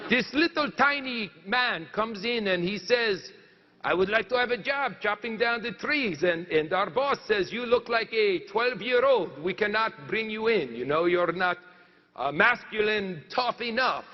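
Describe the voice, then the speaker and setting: A man playing a boastful French lumberjack in a comic monologue, telling a story in a put-on French accent and halting as he searches for words. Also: high voice, long reverb tail, dull audio.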